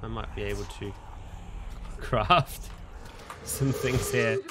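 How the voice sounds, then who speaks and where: A young man streams a game and comments loosely as he plays, joking and chuckling to himself. His voice sits in an ordinary middle pitch, and the game audio hisses clearly beneath him. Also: drawn-out words. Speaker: gaming streamer. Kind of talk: casual gameplay commentary.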